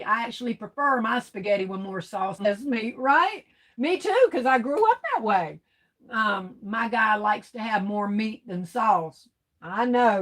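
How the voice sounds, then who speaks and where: A middle-aged woman with a drawl runs a relaxed livestream. She reads viewer comments aloud and chats back to them. She laughs often and calls people baby and girl. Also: a little high. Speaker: livestream host. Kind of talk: casual livestream chat reading viewer comments.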